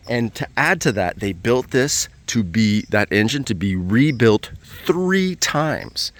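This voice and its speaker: A man's voice: fairly low pitch, slight background noise. A man talking casually and enthusiastically about his vehicle in a rambling vlog walkaround. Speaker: vlogger.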